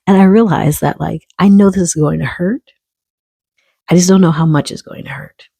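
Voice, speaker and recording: A man spins a casual story straight to the camera, swearing freely and loosely animated. His voice sits in a gravelly, husky register with a warm, mellow tone. The sound is dry and close, with no room around it. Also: high-pitched, moderate pace, no echo. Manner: profane, candid and animated. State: early on testosterone. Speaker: vlogger.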